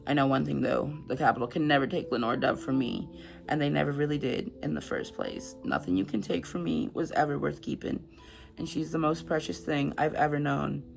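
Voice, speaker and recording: A woman's voice: sits low, lively intonation, a little fast, vocal fry, faint music behind. A woman reading passages of a novel aloud to camera, stumbling over words now and then, and chatting about the book with effusive feeling. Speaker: book reviewer.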